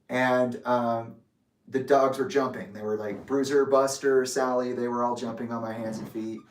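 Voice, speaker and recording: A young man telling a personal story in an emotional monologue, getting heated and swearing as he vents. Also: medium pitch. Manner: angry, heated, swearing, acts out quoted arguments. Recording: roomy echo, voice a bit distant from mic.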